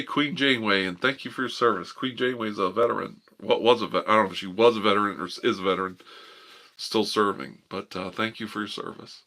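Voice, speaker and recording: A man hosting a live ASMR stream, chatting softly and playfully with viewers and rambling. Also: lowish voice, fairly even intonation, brisk.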